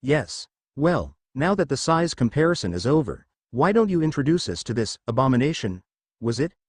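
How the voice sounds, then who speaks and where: A man's voice: medium pitch, very animated, normal speed, breathy edge, no room sound, clean studio sound. A man reading as a smug billionaire villain.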